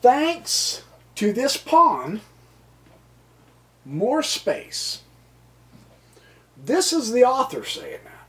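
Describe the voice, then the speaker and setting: Tired american guy explaining chess slowly, voice bouncing all over, jokey tangents. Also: extremely high pitch, wildly swooping pitch. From United States. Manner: rambling, jokey asides, mutters to himself. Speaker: chess teacher. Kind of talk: casual chess lesson.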